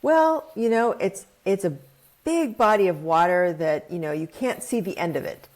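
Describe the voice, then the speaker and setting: A woman voicing a worldly male ocean frog who patiently explains, lifting her voice higher. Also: expressive, moderate pace, darkish tone, lightly acted.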